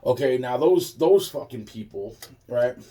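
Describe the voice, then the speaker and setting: A man's voice: medium pitch, expressive, a little slow, mellow, far from the mic, a little hiss or hum. A man in a rambling, profane monologue, restarting his sentences again and again.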